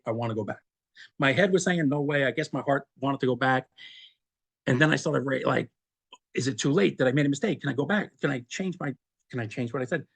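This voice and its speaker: A middle-aged man, an interview guest, telling a personal story in casual conversation, animated and quick to laugh, often restarting and repeating words. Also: medium pitch.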